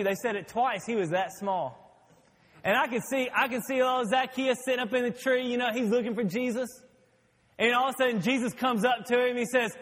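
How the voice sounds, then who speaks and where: High-voiced pastor in a reverberant hall. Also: male voice, steady tone, brisk, fairly bright tone. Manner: folksy storytelling. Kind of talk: sermon.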